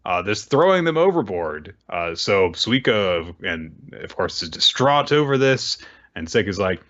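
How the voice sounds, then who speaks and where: A man's voice: lowish voice, very animated, a little slow, a bit bright. A man recapping a manga chapter in a casual chat and acting out the characters' lines with animation. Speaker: podcast co-host. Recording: dull lo-fi audio.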